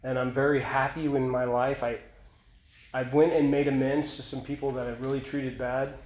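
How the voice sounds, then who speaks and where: A man's voice: mid-range voice, flat delivery, normal speed, darkish tone. Earnest man sharing his story in an echoey room. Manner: earnest, confessional, repeats and restarts phrases. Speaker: recovery meeting speaker. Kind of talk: personal testimony at a recovery meeting. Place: meeting room.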